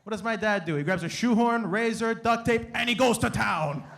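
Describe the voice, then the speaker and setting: A young man from Canada doing an animated, playful stand-up comedy set on a stage, acting out his family in quick bits. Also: sits high, vocal fry. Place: comedy stage before a live audience.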